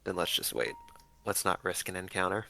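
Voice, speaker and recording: Brief: dry, joking man player with a low, bright voice. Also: animated, fairly quick, gravelly, a little hiss or hum.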